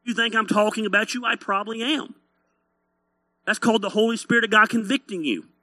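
A male pastor preaching in a blunt, teasing, animated way. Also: sits high, a little fast, dry recording. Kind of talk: sermon.

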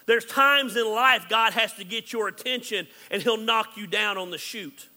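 A man preaching a sermon as pastor, candid and joking, swinging between loud emphasis and hushed asides. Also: high-pitched, normal speed, long reverb tail.

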